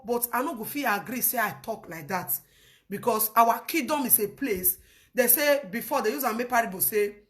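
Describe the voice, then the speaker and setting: A woman with a Nigerian accent giving casual, laughter-filled commentary, telling a story with lively energy. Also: high-pitched.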